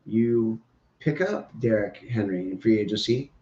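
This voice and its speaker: This male podcast host has a lowish, warm voice and talks a little slowly through a rambling, joking, opinionated football rant. It's casual sports commentary captured with dull, lo-fi, echoey room sound.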